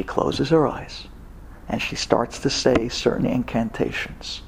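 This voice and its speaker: A man telling a dramatic story in an animated way, dropping in Hebrew words. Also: mid-range voice, takes it slowly, gravelly, noisy background.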